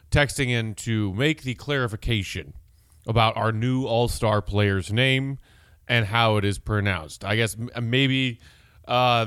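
A man hosting a solo sports podcast, chatting casually and excitably and reading listener texts aloud. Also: medium pitch, clean tone, no room sound. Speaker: podcast host.

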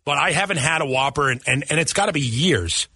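A man's voice: fairly high pitch, lively intonation, a little fast, pushed and bright, breathy edge, no room sound. A man co-hosting a radio talk show, joking and chatting casually while eating on air in the studio. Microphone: studio microphone.

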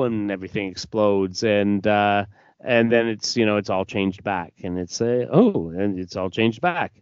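A man's voice: lowish voice, measured pace, darkish tone, smooth, dry recording. A man, host of the show, casually narrating a comic panel by panel, rambling with plenty of fillers. His voice is dull and lo-fi, and the recording is dry. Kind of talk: casual comic read-through.

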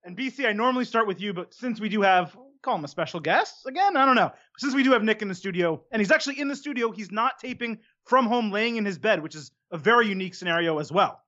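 A man with a high, bright, tense voice hosts a podcast from a studio. He keeps the conversation moving and throws in dry jabs. The sound is slightly dull and lo-fi. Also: expressive, fast talker, hardly any pauses. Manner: steering the talk, dry teasing. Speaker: podcast host. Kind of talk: casual podcast chat.

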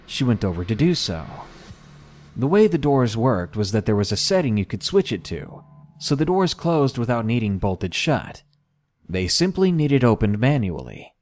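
A man narrating a scary first-person story for a podcast, measured and deliberate. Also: fairly low pitch, very animated, darkish tone. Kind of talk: scripted horror story narration.

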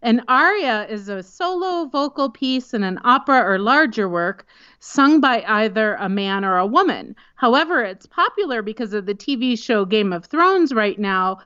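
A woman's voice: on the high side, big pitch swings, moderate pace, sharp tone, smooth, muffled recording. A woman co-hosting a podcast, leading the topics and making dry, teasing asides. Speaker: podcast co-host. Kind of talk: casual podcast chat.

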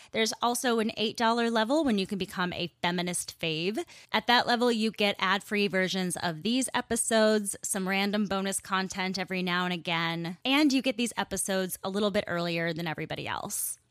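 A woman in her thirties hosting a podcast, telling a story in a chatty, animated way. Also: mid-range voice, fairly quick, no echo, studio quality. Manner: chatty and animated, laughs as she talks. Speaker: podcast host.

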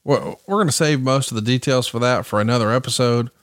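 A man's voice: mid-range voice, fast talker, no echo. A man hosting an interview, asking long, detailed questions. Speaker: podcast host.

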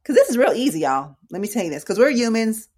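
A woman's voice: fairly high pitch, big pitch swings, fast talker, darkish tone, husky. A woman emergency room nurse giving casual, conversational advice, slangy and direct with her listeners. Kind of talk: casual educational talk.

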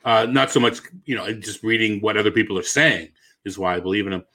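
A man's voice: on the low side, quick pace, sharp tone. A man with a Boston accent co-hosting a casual fantasy baseball podcast, often restarting and trailing off as he talks. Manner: hesitant, restarts and trails off, laughs easily. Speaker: podcast co-host.

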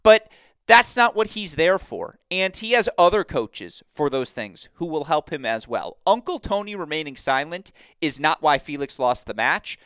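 A man hosting a podcast in a casual sports-analysis chat, talking in an animated, emphatic way and laughing easily. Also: fairly high pitch, moderate pace, clear, resonant tone, no echo, studio quality. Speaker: podcast host.

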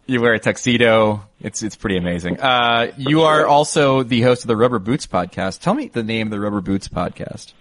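A man's voice: mid-range voice, expressive, brisk, few pauses, fairly bright tone, dry recording. A man hosting a podcast with wry, teasing humour. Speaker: podcast host. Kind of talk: podcast chat.

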